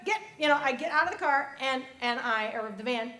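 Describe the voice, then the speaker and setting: Woman telling her testimony on stage, really high voice, earnest, goes soft sometimes, echoey room. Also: a little fast, background noise. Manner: earnest, drops soft and quiet at key moments. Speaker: speaker at a youth convention. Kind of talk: personal testimony. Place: large convention hall. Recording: echoey hall.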